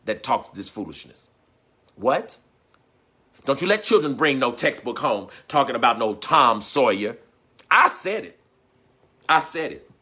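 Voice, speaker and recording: A man preaching an impassioned sermon. He drives home repeated refrains and calls out to the crowd, often rising to a shout. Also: medium pitch, lively intonation, measured pace. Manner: call-and-response, repeated refrains, swings into shouting. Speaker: teacher and preacher.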